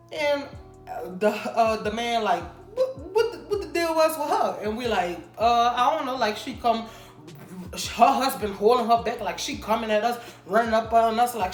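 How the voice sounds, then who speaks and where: A young woman casually telling a storytime, animated and acting out the people she quotes. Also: mid-range voice, echoey room. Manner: animated, acts out quoted people in raised voices. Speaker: storytime vlogger.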